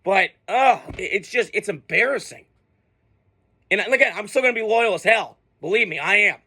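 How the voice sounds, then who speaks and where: High, bright-voiced ranting sports fan. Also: male voice, animated, moderate pace, breathy edge. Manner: blunt, swearing, worked-up. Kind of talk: profane sports reaction rant.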